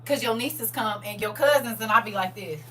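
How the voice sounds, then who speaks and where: A middle-aged woman with a St. chatting casually with viewers on a livestream, telling animated stories and acting out her own reactions. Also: on the high side, brisk, far from the mic, slight background noise, rough recording. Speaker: livestream host.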